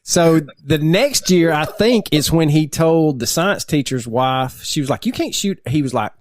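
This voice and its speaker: A man's voice: a little high, a little slow, no echo, clean studio sound. A man, a podcast co-host and teacher, telling stories casually and laughing through them. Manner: laid-back, laughs through his stories. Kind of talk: casual storytelling chat.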